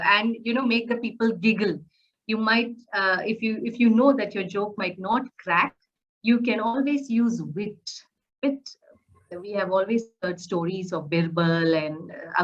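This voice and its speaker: A woman gives a conversational lecture, posing rhetorical questions and saying "you know" often. Her voice sits at a middle pitch. The recording is slightly dull and lo-fi. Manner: conversational teaching with rhetorical questions, frequent fillers. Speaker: public speaking instructor.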